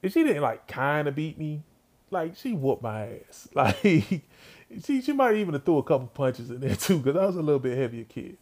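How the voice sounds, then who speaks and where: A man's voice: a little high, big pitch swings, moderate pace, darkish tone. A man telling a funny childhood story in a casual, slangy way, talking straight to his listeners.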